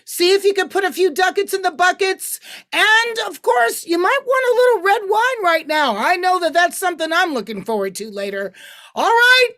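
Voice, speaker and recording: A woman's voice: very high-pitched, sing-song, normal speed, a bit bright. A woman giving a chatty, upbeat announcement during a break.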